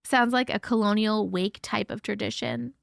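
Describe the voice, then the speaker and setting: A woman's voice: medium pitch, fairly even intonation, moderate pace, creaky, no echo, studio quality. A woman hosting a casual live-stream chat, talking loosely, swearing and laughing often, her voice a little worn. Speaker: host.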